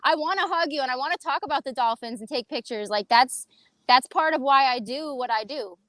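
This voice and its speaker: High-pitched bubbly woman guest, dry close sound, chatty with lots of "like". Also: a little fast, fairly bright tone, dry recording. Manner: bubbly, peppered with "like", laughs easily. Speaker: guest co-host, fan club leader. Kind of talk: casual podcast chat.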